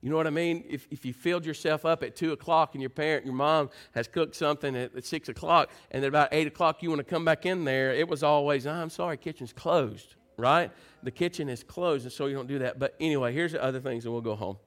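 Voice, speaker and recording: A man preaching a sermon, telling homey stories and slipping into soft, low, prayerful tones. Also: fast, hardly any pauses. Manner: folksy storytelling, swings loud and high into playful mimicry. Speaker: pastor.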